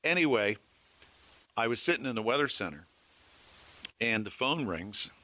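A middle-aged man, a former weatherman and radio host, telling animated anecdotes among colleagues. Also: medium pitch, normal speed. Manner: animated anecdote-telling, acting out phone calls. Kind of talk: casual storytelling among colleagues.

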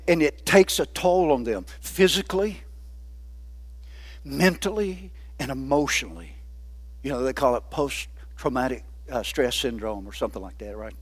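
A man's voice: a little high, breathy edge. A man preaching a sermon in a folksy, conversational way, often putting questions to the congregation. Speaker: pastor.

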